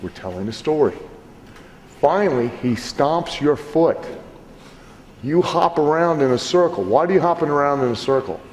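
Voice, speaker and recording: This middle-aged man sounds fairly high-pitched and talks at an ordinary pace while training wrestlers, breaking down matches and playing out scenes full of curses. His delivery is lively and crude. Faint noise sits behind him in an echoey hall.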